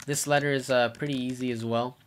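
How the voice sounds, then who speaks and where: A man's voice: medium pitch, little pitch movement, a little fast. A man giving a casual pronunciation lesson, patiently explaining and demonstrating sounds in an exaggerated way. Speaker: teacher.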